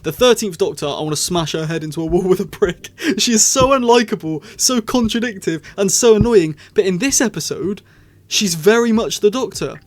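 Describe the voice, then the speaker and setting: Male reviewer, slightly high voice, chatty and rambling, self-correcting as he goes. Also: lively intonation, brisk. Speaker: video reviewer. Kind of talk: casual spoken review.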